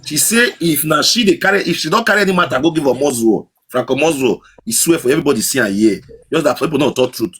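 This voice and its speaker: A man's voice: fairly high pitch, expressive, fast talker, few pauses, fairly bright tone, slightly rough. A Nigerian man hosting a live chat, cutting in and coaxing his guest. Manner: interjecting, coaxing, calls her sister and madam. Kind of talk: casual live chat in Pidgin.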